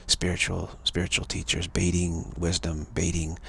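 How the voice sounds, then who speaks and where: A man's voice: deep voice, monotone, moderate pace, gravelly, a bit bright, slightly rough. A man giving a rambling spiritual talk on a live stream, repeating himself and restarting words often. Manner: repetitive, stumbling restarts, earnest. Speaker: spiritual teacher.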